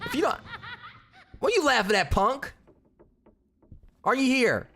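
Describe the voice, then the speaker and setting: A man playing a horror game on a livestream, animated, exclaiming and teasing his friend. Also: very high-pitched, unhurried, noisy background. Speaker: livestream gamer. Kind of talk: casual gaming chat. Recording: faint game music behind the voice.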